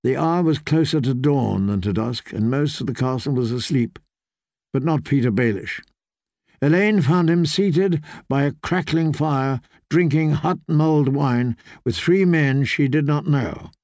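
Gravelly male audiobook narrator. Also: medium pitch, a little slow, darkish tone, no room sound, clean studio sound. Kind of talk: scripted fantasy narration.

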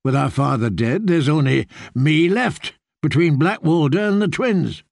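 A man's voice: a little high, expressive, unhurried, creaky, darkish tone, no room sound, studio quality, full character voice. A man voicing a resentful young nobleman grieving his father in an audiobook. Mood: bitter. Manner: accusing, resentful. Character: bitter, grieving young male noble heir.

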